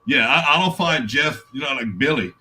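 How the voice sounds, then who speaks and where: A man's voice: mid-range voice, expressive, normal speed, pushed and bright, slight background noise, rough recording. A man talking at length in a casual live-stream chat, explaining his points.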